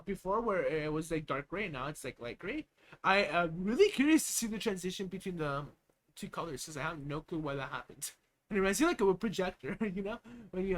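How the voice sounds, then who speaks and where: A man's voice: high-pitched, fairly bright tone, rough recording. A young man on a live stream reading an article aloud and breaking off into casual, swearing, laughing commentary.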